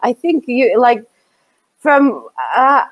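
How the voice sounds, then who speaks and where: Casting: bright high-pitched woman host, chatty, speaks to her audience. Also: takes it slowly. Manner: lively, chatty, addresses viewers directly. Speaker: interview host, English teacher. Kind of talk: casual interview.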